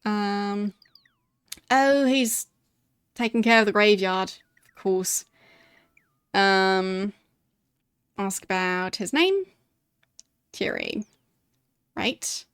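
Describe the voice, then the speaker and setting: A woman streaming a retro role-playing game, reading its text aloud and adding wry, sarcastic asides in a quiet, muttered voice. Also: medium pitch, lively intonation, drawn-out words, pauses often, smooth, dry recording, clean studio sound.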